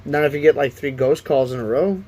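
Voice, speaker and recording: A man's voice: mid-range voice, a little fast, a little mellow. Man muttering through a phone stream setup. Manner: frustrated, muttering while fiddling with phone settings. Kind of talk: casual live-stream chat.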